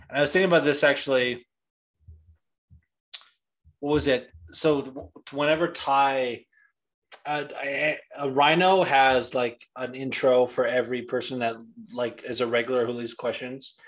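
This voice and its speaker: A man co-hosting a podcast in casual chat, excitable and profane, quick to laugh. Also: medium pitch, poor audio. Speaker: podcast co-host.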